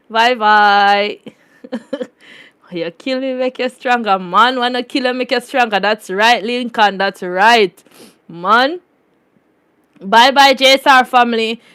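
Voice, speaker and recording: A woman's voice: fairly high pitch, measured pace, long pauses, a bit bright, clear, resonant tone. A woman with a Jamaican accent hosting a casual storytime vlog, laughing often and repeating catchphrases in patois. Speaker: YouTube host.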